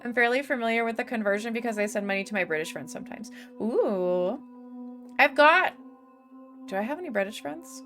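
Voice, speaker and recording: A woman's voice: a little high, lively intonation, a little fast, fairly bright tone. Chatty, swearing young woman streamer. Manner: chatty and swears freely, with lots of fillers and laughs. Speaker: game streamer. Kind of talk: casual live-stream chat. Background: faint game music.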